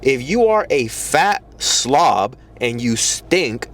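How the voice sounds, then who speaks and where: A man's voice: medium pitch, big pitch swings, slow, a bit bright. A man giving casual dating advice in a blunt, profane way, often mocking how other guys talk.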